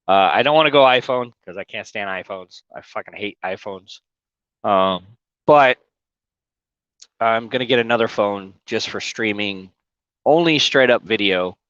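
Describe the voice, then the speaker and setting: Rambling, cussing trucker on a livestream. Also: male voice, fairly low pitch, fairly bright tone, no echo, dull audio. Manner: rambling, profane, talks to viewers by name. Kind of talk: casual livestream chat. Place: inside his truck cab. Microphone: phone.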